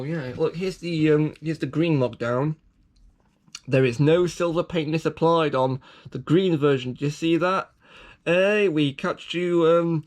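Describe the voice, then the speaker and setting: Rambling giggly guy unboxing toys. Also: fairly high pitch. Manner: rambling, self-mocking, prone to giggling fits. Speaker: toy unboxing vlogger. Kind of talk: casual unboxing commentary.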